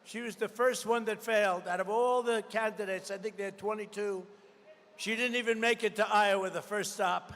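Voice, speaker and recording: A man giving a campaign rally speech, combative and repetitive, hammering slogans with bursts of shouting. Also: high voice, steady tone, moderate pace. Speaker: political candidate at a rally. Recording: long reverb of a large rally venue.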